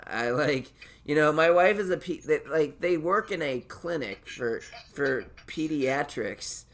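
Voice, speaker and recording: A man's voice: fairly high pitch, lively intonation, measured pace, a bit bright. A man from Nebraska hosting a casual podcast chat, rambling with lots of fillers, swearing and laughing often. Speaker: podcast host.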